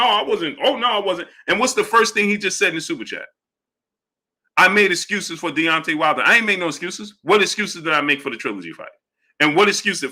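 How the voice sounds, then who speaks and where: Guy on a boxing livestream, bright sharp voice, kinda high, calling out chatters. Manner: combative, challenges chatters, shouts out viewers. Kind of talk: live-stream chat, reading donations.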